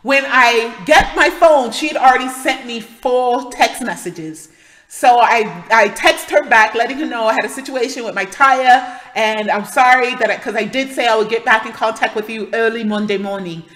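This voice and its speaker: Woman host, fairly high voice, animated testimony storyteller, corrects herself mid-sentence. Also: big-room sound, poor audio. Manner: animated, breathless retelling with quick self-corrections. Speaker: channel host.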